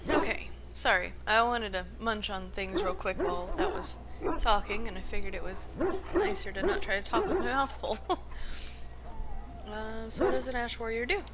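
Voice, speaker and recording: A woman's voice: on the high side, lively intonation, moderate pace, heavy background noise. A woman streaming a video game, making casual, blunt and offhand comments between dialogue choices.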